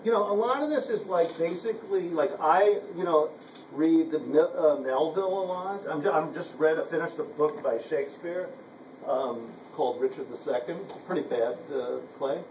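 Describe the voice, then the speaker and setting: A man's voice: on the high side, moderate pace, a little mellow, a little hiss or hum. A man teaching a writing workshop in a loose, rambling way, full of "you know" and "like.". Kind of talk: casual workshop talk. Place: room at a writers' retreat. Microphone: handheld camera from across the room. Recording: roomy, distant camera audio.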